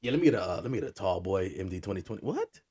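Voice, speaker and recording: A man's voice: low voice, rapid-fire, recorded from a distance, crowd noise. A man co-hosting a podcast in playful, casual chat, laughing a lot. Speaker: podcast co-host.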